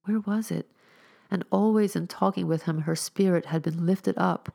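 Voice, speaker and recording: A woman reading a short story aloud as a storyteller, with measured, expressive narration. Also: lowish voice, vocal fry.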